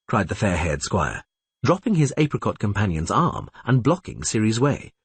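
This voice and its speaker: A man's voice: lowish voice, sing-song, normal speed, breathy edge, no room sound. A man narrating a fantasy audiobook, reading expressively and voicing all the characters himself.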